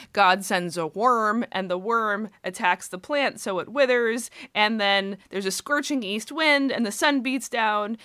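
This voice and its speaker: A woman's voice: medium pitch, bright, forceful tone, dry recording, clean studio sound. A young woman in casual conversation, animatedly retelling a story, laughing often and acting out the quotes. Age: young adult. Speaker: co-host. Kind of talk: casual chat about scripture.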